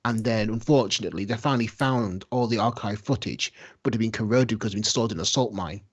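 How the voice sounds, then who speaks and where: A man on a podcast, explaining film production details in a relaxed, informative way. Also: lowish voice, fast talker, breathy edge, muffled recording. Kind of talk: casual chat.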